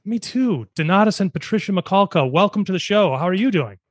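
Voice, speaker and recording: A man's voice: high-pitched, expressive, brisk, dry recording, studio quality. A man co-hosting a podcast, reading a scripted intro and then chatting with guests in an upbeat, jokey way. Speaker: podcast co-host. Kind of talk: scripted intro then friendly interview chat.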